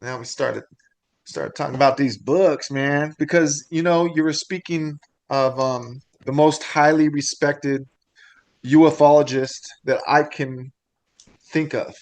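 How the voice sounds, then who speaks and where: A chatty podcast co-host with a somewhat high-pitched male voice. He rambles from one thought to the next and laughs easily. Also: fairly even intonation, slow pace. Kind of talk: casual podcast chat.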